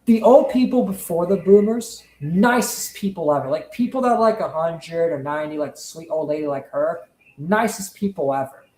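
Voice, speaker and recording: A commentary streamer rants with heavy emphasis and frequent swearing. The voice sits at a middle pitch. The room adds a noticeable echo. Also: moderate pace, warm tone. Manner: profane, emphatic, repetitive. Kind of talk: heated casual rant.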